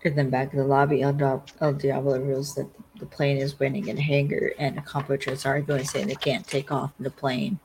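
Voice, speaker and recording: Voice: mid-range voice, monotone, fairly quick, hardly any pauses, a little mellow, slight background noise, rough recording. A podcast host casually recapping a TV episode, rambling with lots of fillers and acting out the characters' lines. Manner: rambling, lots of "like", acts out quotes.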